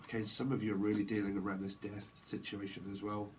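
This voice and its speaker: A man giving a casual live tarot reading, rambling and excitable, repeating himself and using slang. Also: fairly low pitch, fairly quick, a little hiss or hum. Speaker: tarot reader.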